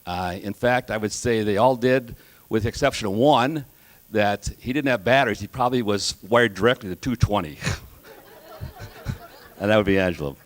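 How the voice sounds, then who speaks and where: A man graduating from auctioneering school, giving a measured, reflective thank-you speech with folksy humor. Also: on the low side. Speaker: graduating student.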